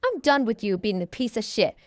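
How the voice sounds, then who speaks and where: A woman's voice: a little high, sing-song, a little fast, no echo. A bratty young male troll bully, sneering and taunting in a slightly raised voice, as a woman puts him on. The sound is close and dry, with no room behind it. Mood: angry.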